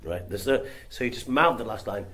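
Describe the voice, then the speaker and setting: A man's voice: lowish voice, fairly quick. A man, a comedian guest, chatting through anecdotes and explaining jokes for the listener. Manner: lively, explains gags to the listener. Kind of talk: anecdotal interview chat.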